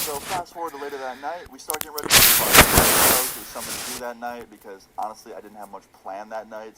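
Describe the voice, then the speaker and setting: A man's voice: medium pitch, very noisy. A young man casually narrating a storytime video in a laid-back, slangy way with casual swearing. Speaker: storytime YouTuber.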